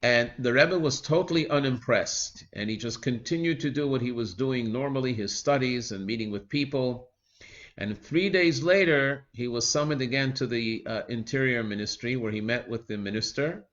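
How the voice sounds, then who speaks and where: A man's voice: mid-range voice, fairly bright tone. Earnest man telling a teaching story, lo-fi. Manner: measured, earnest retelling with frequent pauses and "uh" fillers.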